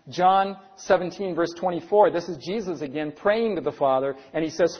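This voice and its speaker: A man's voice: on the high side, moderate pace. A middle-aged man preaching a sermon as pastor, earnest, asking his listeners rhetorical questions. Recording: dull lo-fi sound with long hall reverb.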